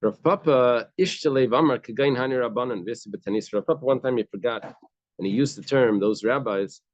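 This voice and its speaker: A man with a medium-pitched voice teaches a daily Talmud class at a fairly quick pace. He reads short bits of Aramaic, then explains them in casual, conversational English.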